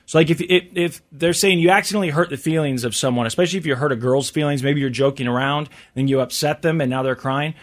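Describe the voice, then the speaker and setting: A man's voice: on the high side, fast talker, few pauses. A male radio host chatting casually and reading out survey figures.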